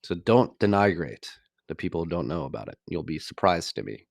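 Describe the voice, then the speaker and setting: Deep gravelly-voiced man, casual podcast co-host. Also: very animated, a little fast, no room sound, studio quality. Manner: laid-back, joking, reads ad codes.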